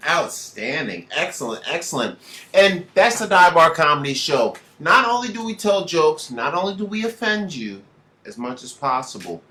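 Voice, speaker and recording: A man's voice: fairly high pitch, very animated, normal speed, sharp tone, a little hiss or hum. A man in his forties hosting a comedy show, profane and teasing between acts. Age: 40s. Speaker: host.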